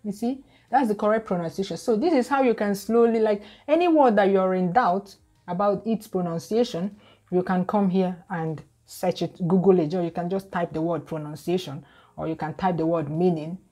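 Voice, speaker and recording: A woman's voice: on the low side, normal speed, mellow. A Nigerian woman with a Nigerian accent, chatting casually to her viewers and often repeating words as she restarts. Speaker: YouTuber. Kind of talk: casual talk to camera.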